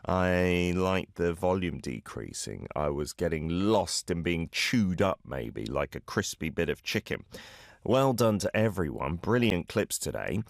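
Very deep-voiced man hosting a language show. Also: very animated, gravelly, no echo, studio quality. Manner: encouraging, explains pronunciation slowly. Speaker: host of a Korean learning show. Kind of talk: friendly radio-style language lesson chat.

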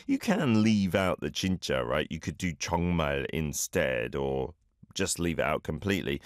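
Man, very low voice, friendly language show host, patient explanations, dry sound. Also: expressive, dry recording. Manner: encouraging, explains pronunciation slowly. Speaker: host of a Korean learning show. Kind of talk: friendly radio-style language lesson chat.

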